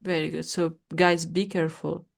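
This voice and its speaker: A woman's voice: deep voice, level tone, normal speed, gravelly. Woman, 20s, online French teacher on a call; drills greetings, chats casually. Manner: drills words, then chats with laughs.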